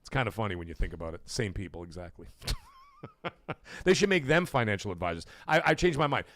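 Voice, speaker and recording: A man hosting a gaming livestream, ranting in a casual, animated way with big jumps in pitch and loud bursts, swearing freely. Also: fast talker, no room sound, soft background music.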